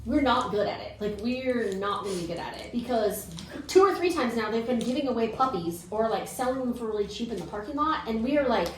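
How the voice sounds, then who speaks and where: A woman's voice: a little high, a little fast. A woman co-hosting a casual podcast chat, telling stories animatedly and acting out what people said, laughing often. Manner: animated storyteller, acts out voices, laughs often. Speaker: podcast co-host. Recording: echoey room, distant mic.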